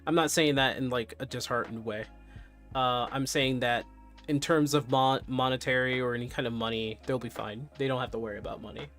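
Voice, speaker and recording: A man talks casually on a live stream, candid and a little subdued as he reacts to news and to messages from his chat. His voice sits at a middling pitch, with faint music playing underneath. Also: fairly even intonation, brisk, a bit bright.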